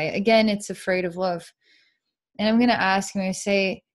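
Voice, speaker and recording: A woman psychic guides a client through an energy-healing session. Her voice is soft, often broken by sighs. She describes her visions in a dreamy, repetitive way. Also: mid-range voice, moderate pace.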